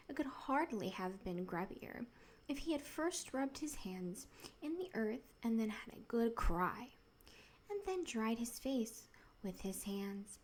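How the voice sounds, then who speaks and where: Woman narrator for a soft, half-whispered storybook read, husky tone. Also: on the high side.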